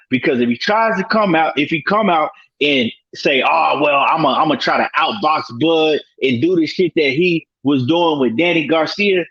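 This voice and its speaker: A man on an online panel talks slowly through his view, hesitating and leaning on fillers and slang. His voice is slightly high. The sound is dull and lo-fi, as if over a call. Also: a bit bright. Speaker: panel guest. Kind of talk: casual online panel chat.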